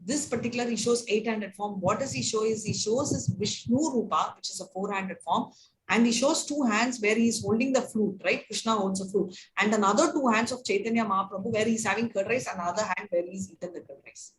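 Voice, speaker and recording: A woman's voice: medium pitch, a little fast. A woman telling a devotional story, chatty and full of fillers, often checking in with "right?". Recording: noisy room recording.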